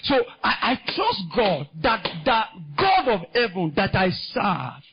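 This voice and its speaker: A man preaching a sermon in a Nigerian English accent, impassioned and climbing into shouts. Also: high-pitched, huge pitch swings, slow, husky. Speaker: pastor. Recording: dull lo-fi sound.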